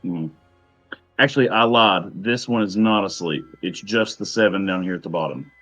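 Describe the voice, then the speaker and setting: A man running a tabletop game as game master, talking in a hesitant way with many fillers and pauses. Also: deep voice, sharp tone, soft background music. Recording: dull lo-fi recording.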